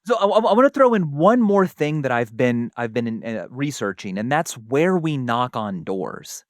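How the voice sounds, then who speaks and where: A man's voice: medium pitch, sing-song, moderate pace, no room sound, clean studio sound. A man co-hosting a casual science chat, talking through ideas and acting out little quoted exchanges. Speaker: co-host.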